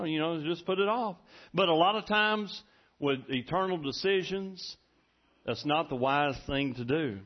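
A middle-aged pastor delivering a sermon with a folksy, chuckling storyteller's touch. His voice sits a little high for a man. The recording sounds dull and muffled. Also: expressive, measured pace. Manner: folksy storytelling, laughs often.

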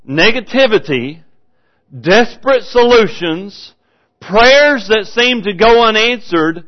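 On a muffled recording, a man with a voice that sits high preaches folksy Bible study. He's a pastor who keeps things conversational and tosses rhetorical questions at his listeners.

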